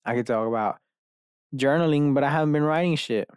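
The host of this one-man podcast, recorded in his bedroom, has a medium-pitched voice that is clear, resonant, and a little mellow, and he talks fairly quickly. His rant rambles between ideas, with plenty of swearing and self-mockery. The studio sound is clean, with no room sound.

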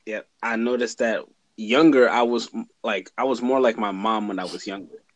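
A man's voice: lowish voice, fairly even intonation, normal speed, no echo. A young man in casual chat on a podcast, talking bluntly and laid-back, swearing freely. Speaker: podcast co-host, cousin.

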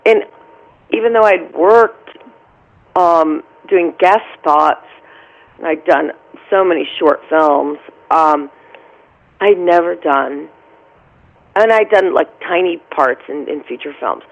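This is an animated middle-aged actress telling stories in an interview. Her voice has a gravelly, fry-laced edge. She is expressive and relives every moment as she talks. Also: low-pitched, slow, long pauses, highs cut off. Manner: animated, vivid storyteller. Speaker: actress guest. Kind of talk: storytelling interview answer.

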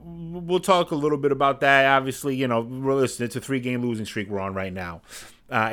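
A man's voice: medium pitch, fairly bright tone. A man hosting his own basketball podcast, rambling casually with lots of fillers and self-deprecating asides. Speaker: podcast host. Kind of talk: casual sports talk.

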